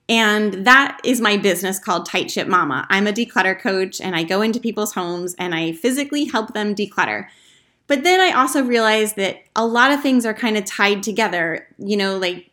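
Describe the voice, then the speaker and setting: A woman's voice: mid-range voice, a bit bright. Chatty woman podcast host. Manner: chatty, earnest storytelling with fillers. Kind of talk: casual solo podcast monologue.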